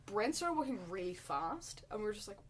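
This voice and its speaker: A woman's voice: mid-range voice, sing-song, fairly quick, a little hiss or hum. Rambling woman guest. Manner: rambling with many fillers. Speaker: podcast guest. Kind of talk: casual storytelling chat.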